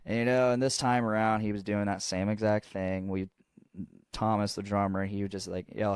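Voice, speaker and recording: A man's voice: on the low side, level tone, normal speed, a little mellow, clear, resonant tone, no echo. A young man co-hosting a podcast, telling a long story in casual chat, rambling and swearing freely with lots of restarts. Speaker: podcast co-host.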